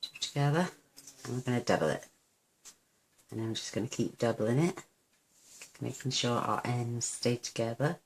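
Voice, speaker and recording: A woman with a bass voice hosts a casual papercraft tutorial at her desk, with a little hiss or hum on the recording. She chats while working, gushes over how cute each step looks, and teases herself.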